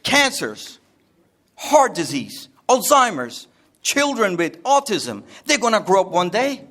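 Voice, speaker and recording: A man's voice: high voice, wildly swooping pitch, slow, fairly bright tone. A man giving a rambling, jokey talk to a live seminar audience, repeating himself often. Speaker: seminar speaker. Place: seminar room.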